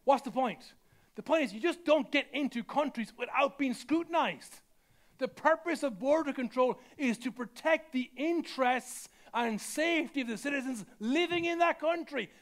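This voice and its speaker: A man's voice: extremely high pitch, moderate pace. A man preaching a sermon as pastor, talking conversationally and often repeating words as he builds his points.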